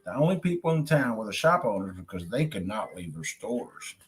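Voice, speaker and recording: A man with a lowish, very animated voice reads a children's story aloud at a brisk pace, in a casual, chatty way. He breaks off now and then to talk to people nearby, and the recording is rough.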